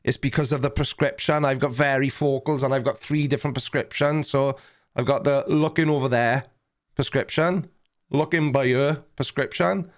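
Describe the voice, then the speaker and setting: A man's voice: mid-range voice, fairly even intonation, moderate pace. Middle-aged male livestream host, rambling, self-mocking, reads chat aloud.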